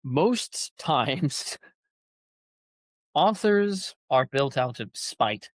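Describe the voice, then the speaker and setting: A man's voice: medium pitch, big pitch swings, drawn-out words, no echo. A man hosting a casual conversation as an author, thinking aloud in a rambling way full of fillers. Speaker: author and show host. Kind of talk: casual long-form conversation.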